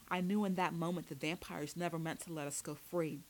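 A woman reading a first-person novel aloud as an audiobook narrator, with steady storytelling delivery. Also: low voice, a little fast, poor audio.

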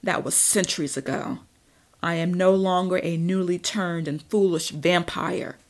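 A woman's voice: fairly low pitch, a little slow. A woman reading the lines of a stern, cautious, centuries-old male vampire in an audiobook, grave and warning.

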